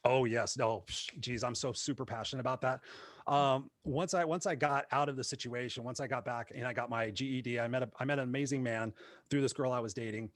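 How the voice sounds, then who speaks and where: A man, a motivational speaker, telling his life story in a casual interview, animated and acting out the voices of people he quotes. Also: medium pitch, brisk, dry recording, studio quality. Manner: animated, acts out quoted voices, many fillers.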